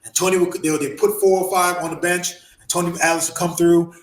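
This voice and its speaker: A man telling a story on a podcast in an animated way, acting out the voices in quick bursts. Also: sits high, roomy sound, slight background noise, poor audio. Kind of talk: casual storytelling.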